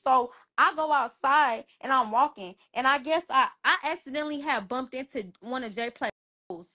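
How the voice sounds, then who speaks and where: A woman's voice: high voice, normal speed. A young woman on a phone livestream, casually telling a story with lots of swearing and acting out every quoted line. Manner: animated, profane, acts out quoted dialogue. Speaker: livestream host. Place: bedroom.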